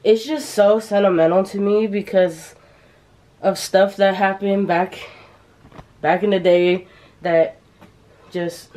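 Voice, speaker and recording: A woman's voice: medium pitch, fairly even intonation, slow, pauses often, mellow. Chatty young woman vlogging to camera. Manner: chatty, filler-heavy, confiding. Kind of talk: casual vlog chat to camera. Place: at home indoors. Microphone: handheld camera at arm's length.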